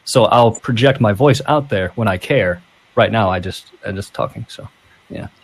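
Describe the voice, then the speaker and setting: A man who runs a podcast, speaking in a plain, relaxed way in casual chat. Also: on the low side, moderate pace, husky.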